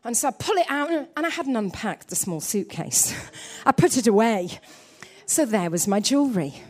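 A woman preaching a sermon, telling a story with lively delivery and quiet low asides. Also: normal speed.

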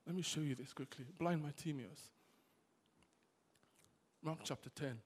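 Man, pastor, sermon in church, high voice, loud exhortation and quiet asides. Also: a little slow, breathy edge. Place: church service.

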